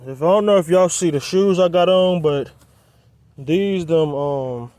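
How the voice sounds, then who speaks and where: Slightly breathless as he fixes his car by a quiet road, this young vlogger keeps up a rambling, casual chat, addressing viewers as "y'all." His pitch is on the high side and his tone warm, at a slightly slow pace with no room sound.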